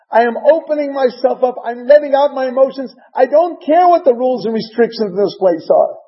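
A man's voice: extremely high pitch, in a large hall, dull audio, voice pushed up. A man voicing a grieving childless woman who earnestly pleads her innocence in a sermon retelling. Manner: earnest, impassioned.

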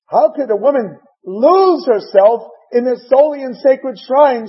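A man's voice: very high-pitched, animated, unhurried, hardly any pauses. A man preaching a sermon, retelling scripture as a story and mixing in Hebrew terms. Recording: dull lo-fi recording.

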